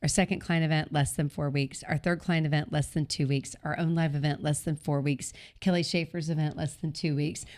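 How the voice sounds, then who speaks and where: A woman's voice: sits low, fairly even intonation, brisk, hardly any pauses, a little mellow. A woman hosting a live online Q&A, speaking with enthusiastic, coaching energy. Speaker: host and event organizer. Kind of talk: live online Q&A, motivational pitch.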